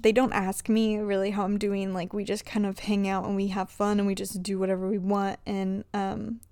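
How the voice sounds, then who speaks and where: A woman's voice: medium pitch, darkish tone, clear, resonant tone, no echo. Young woman rambling confessionally, dry sound. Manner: rambling, filler-heavy with frequent "like". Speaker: vlogger. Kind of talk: confessional personal talk.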